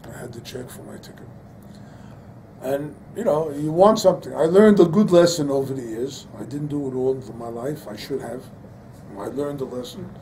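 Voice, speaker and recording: A man's voice: mid-range voice, moderate pace, warm tone, slight background noise, rough recording. An older man, a rabbi giving a Torah lecture, telling a personal story and then preaching with rising emphasis, mixing in Hebrew terms. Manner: sprinkles Hebrew and Yiddish-inflected terms. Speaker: rabbi teaching a class.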